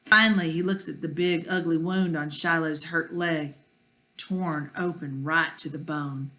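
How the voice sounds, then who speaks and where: A woman's voice: sits low, fairly even intonation, unhurried, sharp tone. A woman teacher reading a children's novel aloud, with chatty asides to the kids.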